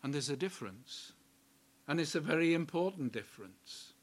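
A man preaching a sermon in a slow, emphatic way, repeating key words for weight. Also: a little high, expressive.

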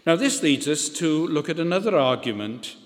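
A man preaching a sermon, measured and emphatic, repeating key phrases and letting phrase ends fall. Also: a little high, lively intonation. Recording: long reverb of a church hall.

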